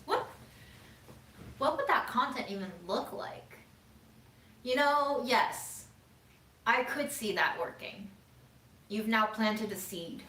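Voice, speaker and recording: A woman hosting a casual livestream, reading and answering viewer comments in a relaxed, musing way with many "um"s and some half-whispered asides. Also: fairly high pitch, slow pace, long pauses. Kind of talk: casual chat. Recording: echoey room with faint ambient noise.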